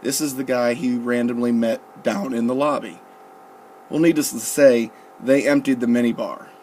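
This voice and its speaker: A young man casually telling a story, profane and relaxed, quoting people with "I'm like" and "he goes.". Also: mid-range voice, normal speed, a little hiss or hum. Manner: profane, laid-back, quotes others with "I'm like" and "he goes". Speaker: storyteller recalling his recruit days.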